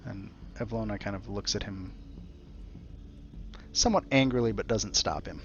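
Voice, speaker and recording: Relaxed male game master. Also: fairly low pitch, normal speed, long pauses, lo-fi sound. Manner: relaxed, casual, with hesitant fillers. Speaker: dungeon master. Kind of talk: narrating a tabletop game.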